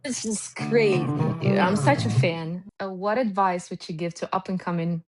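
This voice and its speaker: A woman's voice: fairly low pitch, moderate pace, loud music behind the voice. Enthusiastic woman hosting an interview. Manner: enthusiastic, reads audience questions. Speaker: interview host. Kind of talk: casual interview.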